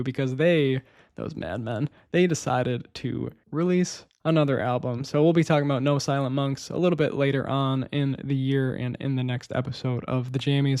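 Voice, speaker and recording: A young man talks through his favorite records in a relaxed solo podcast. He rambles eagerly, laughs easily and leans on filler words. His mid-pitched voice sounds close and dry. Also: no room sound. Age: young adult. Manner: enthusiastic, rambling, laughs often, uses "like" and "man". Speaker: podcast host. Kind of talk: casual solo music review podcast.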